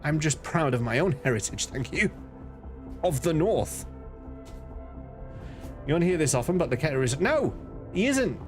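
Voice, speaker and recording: A man's voice: fairly high pitch, normal speed, pauses often, soft background music. A man chatting casually on a live stream, laughing often and reading out chat messages. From northern England.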